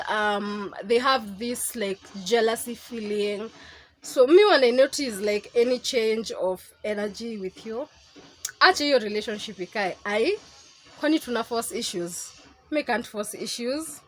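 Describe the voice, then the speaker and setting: A woman's voice: a little high, slight background noise, poor audio. A young woman with a Kenyan accent, chatting candidly to camera in a casual vlog and slipping into Swahili slang. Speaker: vlogger.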